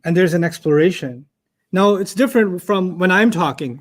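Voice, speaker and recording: A man teaching an Arabic lesson to a class, explaining word order with lively made-up examples and questions to the students. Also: high voice, normal speed. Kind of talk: classroom lecture.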